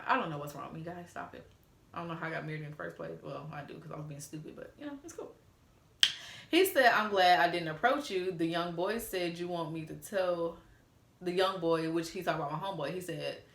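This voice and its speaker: A young woman from Atlanta, telling a story casually and reading out text messages in an animated way. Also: lowish voice, echoey room. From Atlanta, USA. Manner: animated, reads out texts in a playful drawl. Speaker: storytime vlogger.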